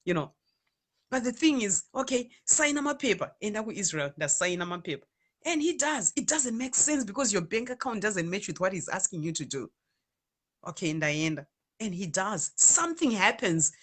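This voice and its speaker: A woman with a Zimbabwean accent talks straight to her viewers in a bright, ringing voice. She is lively and animated, moving back and forth between Shona and English. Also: medium pitch, moderate pace, husky. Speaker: online radio DJ and ministry speaker. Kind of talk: casual talk to viewers.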